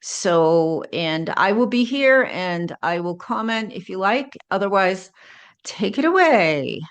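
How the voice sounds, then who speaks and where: A woman's voice: mid-range voice, slow, clear, resonant tone. Chatty woman hosting an interview. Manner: chatty, friendly, laughs easily. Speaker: host. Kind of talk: interview, casual chat.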